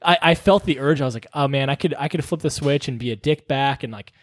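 A man's voice: mid-range voice, fast talker, no room sound. A man telling a story from his paramedic work in casual chat, acting out what people said and swearing freely. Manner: animated storytelling, acts out quotes, swears freely.

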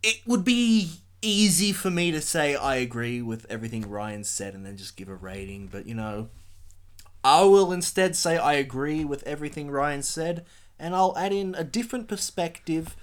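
Guy on a film podcast, rambly and animated, keeps painting little scenes, swears a bit. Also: fairly high pitch, clean tone. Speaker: podcast co-host reviewing films. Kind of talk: casual film review chat.

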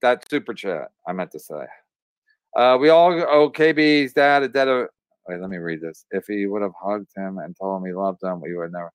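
A man's voice: deep voice, smooth, no echo. A man telling a story in a loose, rambling way, stopping and restarting his sentences often. The recording is dry and close, with almost no room sound. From Irish. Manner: rambling, halting, with many restarts and fillers. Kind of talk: casual storytelling on a podcast.

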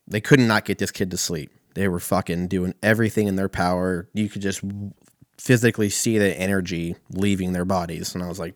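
Young guy from california doing standup, swears a lot, lowish voice, dry sound. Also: fairly quick, no echo. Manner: profane, animated storytelling. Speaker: comedian. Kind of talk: stand-up storytelling.

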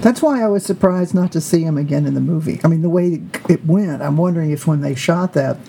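A man co-hosting a podcast in casual chat, relaxed and speculative. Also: fairly high pitch, a little fast, vocal fry, breathy edge. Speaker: podcast co-host.

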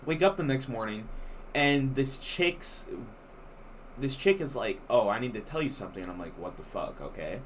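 A young man on a casual podcast tells a story with animated energy. He swears freely as he goes. Faint background noise sits under his voice. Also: mid-range voice, normal speed. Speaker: podcast co-host. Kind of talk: casual chat.

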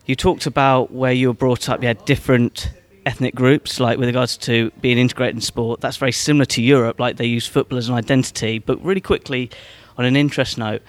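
A man's voice: medium pitch, fairly even intonation, a little fast. A man hosting a podcast, asking long, conversational questions. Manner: conversational, hedged questions with filler phrases. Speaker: podcast host. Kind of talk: interview questions.

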